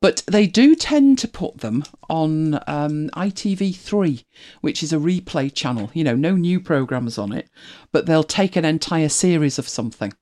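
Host, casual chat to viewers, animated pitch, chatty and self-correcting. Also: moderate pace, few pauses. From United Kingdom. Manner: chatty, rambling, self-correcting, laughs often. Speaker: livestream host.

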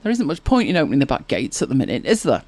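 A woman with a bass voice races along with huge pitch swings and a slightly mellow tone, captured in a dry recording. Hosting a casual chat-show podcast, she's chatty and full of anecdotes, reading viewer comments and laughing often.

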